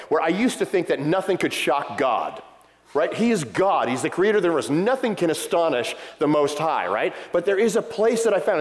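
A middle-aged man delivers a sermon in a large church hall, and his voice echoes with a long reverb. He speaks in a somewhat high voice and tells a story with passion, acting out the lines of the people in it. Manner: impassioned storytelling, acting out quotes. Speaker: pastor.

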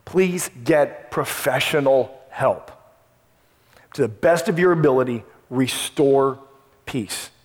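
Male pastor, sermon delivery, fairly high voice, emphatic with repeated phrases and sudden soft drops, long hall reverb. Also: unhurried.

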